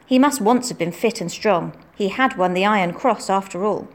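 A woman's voice: medium pitch, normal speed. Woman reading a story aloud. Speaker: narrator. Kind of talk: storybook narration.

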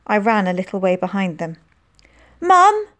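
A woman narrating a children's novel as an audiobook, reading expressively and lifting her voice for the characters' lines. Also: moderate pace. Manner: expressive, voicing dialogue with lifted pitch.

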